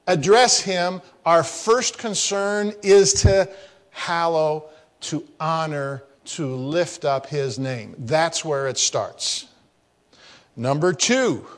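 A man's voice: fairly high pitch, a bit bright. A man preaching a teaching sermon on prayer, explaining grammar with asides and repeating phrases for emphasis. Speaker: pastor.

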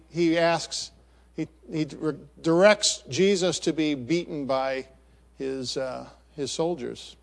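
A man delivers a sermon in a storytelling way, describing a picture scene by scene. His voice sits a little high for a man, and he often trails off and restarts his words. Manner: halting, repeats words.

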